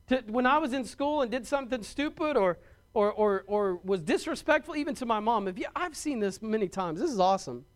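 A man's voice: high voice, lively intonation, fairly quick. A middle-aged man preaching a sermon as pastor, stressing points emphatically and often repeating words.

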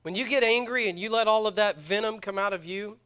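A man preaches a sermon in a high voice. His tone is bright and ringing. He speaks earnestly, hammering points home with repetition. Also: a little fast, clean tone. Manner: earnest, emphatic, repeats words when stressing points. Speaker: pastor.

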